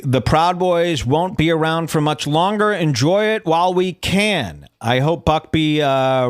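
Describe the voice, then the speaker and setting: A man hosting a casual livestream, rambling and mocking as he reads out posts. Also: fairly high pitch. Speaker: show host.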